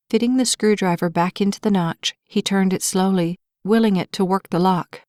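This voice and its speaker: A woman reads a romance novel aloud in a clear, measured way, at a middle pitch. Her voice sits close to the mic. The sound is completely dry, with no room echo. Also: steady tone, darkish tone. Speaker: audiobook narrator. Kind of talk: scripted audiobook narration.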